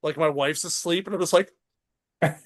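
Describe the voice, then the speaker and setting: A man co-hosting a casual podcast, excitedly retelling a show and acting out its dialogue, with frequent swearing. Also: fairly high pitch, moderate pace, no echo. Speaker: podcast co-host.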